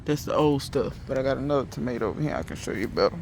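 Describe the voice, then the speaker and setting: Gravelly man in a garden vlog. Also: medium pitch, animated, very fast, darkish tone, slight background noise. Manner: chatty, emphatic, addresses viewers as y'all. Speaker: home gardener. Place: outdoor garden.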